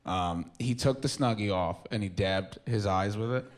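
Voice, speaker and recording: Performing stand-up on a theater stage for a live audience, a young man speaks at normal speed in a fairly low voice. His stories are loose and mumbly, and he acts out quotes.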